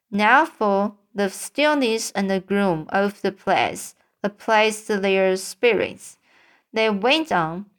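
A woman reading a children's storybook aloud in a halting way, often stumbling over words and starting them again. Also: mid-range voice, clear, resonant tone. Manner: halting, frequent stumbles and restarts. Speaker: audiobook reader.

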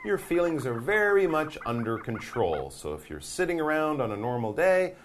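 Playful, animated male English teacher. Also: a little high, moderate pace, slight background noise. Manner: playful, acts out examples. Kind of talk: casual explanatory lesson talk.

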